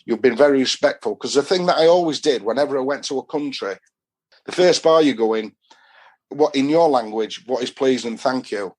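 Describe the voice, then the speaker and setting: Brief: Yorkshire bloke, podcast guest, broad rambling anecdotes, mid-pitch everyday voice. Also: male voice, moderate pace. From England. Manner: rambling storyteller, chatty and broad. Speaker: guest, football fan. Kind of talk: casual anecdotal chat.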